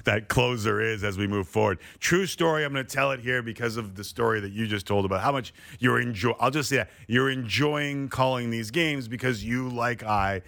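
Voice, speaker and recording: A man's voice: medium pitch, brisk, vocal fry, few pauses, fairly bright tone. Brief: middle-aged male sports radio host from Canada, playful, self-deprecating storyteller. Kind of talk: casual sports talk interview.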